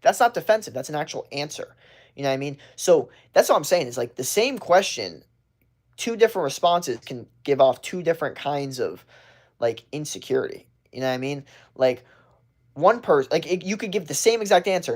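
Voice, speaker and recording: A man hosting a casual livestream, ranting bluntly with plenty of swearing and restarts, and acting out what other people say in a higher voice. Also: expressive, fairly quick. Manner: blunt and profane, rambling with restarts. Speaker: livestream host.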